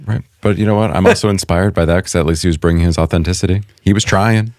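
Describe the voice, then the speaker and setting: A man's voice: sits low, steady tone, fast talker, darkish tone, no room sound, studio quality. A man co-hosting a podcast, speaking earnestly and from the heart, often checking in with "right?", and reading a prepared closing thought. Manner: reads a prepared closing statement. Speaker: podcast co-host. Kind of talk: reflective conversational podcast.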